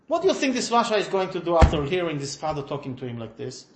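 A man teaching a lively classroom lesson, questioning his students and swinging between loud emphasis and soft asides. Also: on the high side, quick pace, few pauses, echoey room, a little hiss or hum. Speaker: religious teacher.

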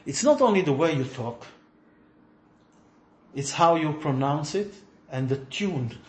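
A man teaching a lively classroom lesson, questioning his students and swinging between loud emphasis and soft asides. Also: on the high side, unhurried, roomy sound. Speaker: religious teacher.

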